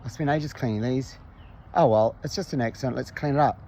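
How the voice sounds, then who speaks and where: A man's voice: medium pitch, brisk, mellow, slight background noise, close to an everyday voice. A man voicing his partner as an exasperated woman who fusses and exclaims while he retells a story.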